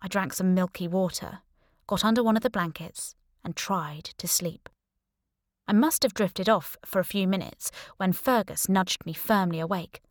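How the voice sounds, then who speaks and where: A woman narrating a first-person audiobook with wry, deadpan humor and hushed asides. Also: mid-range voice, moderate pace, no room sound.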